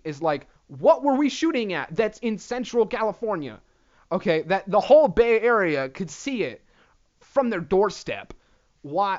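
A young man hosting his own show in a profane, rambling, self-deprecating solo rant. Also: high-pitched. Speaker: podcast host. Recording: dull lo-fi recording.

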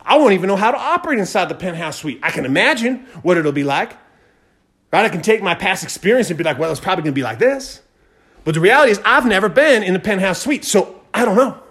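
A man hosting a podcast, fast-talking and fired up, giving a motivational monologue and repeating phrases for emphasis. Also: high voice, lively intonation, fairly bright tone. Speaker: podcast host.

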